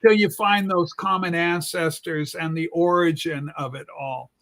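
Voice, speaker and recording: Man, from Canada, livestream co-host, rambling, swears, high voice, bright tone. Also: steady tone, unhurried, a little hiss or hum. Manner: rambling storyteller, acts out quoted people, swears. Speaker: political talk show co-host. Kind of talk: casual political livestream chat. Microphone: livestream call mic.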